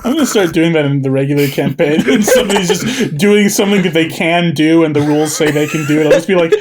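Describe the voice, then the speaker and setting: A man playing a tabletop game, chatting in a wry, deadpan way. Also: on the high side, fast talker. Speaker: player. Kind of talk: casual tabletop game chat. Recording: noisy mic.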